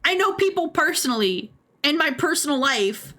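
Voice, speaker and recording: A young adult woman giving casual livestream commentary, animated, laughing often and swearing freely. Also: high-pitched, moderate pace. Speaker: streamer.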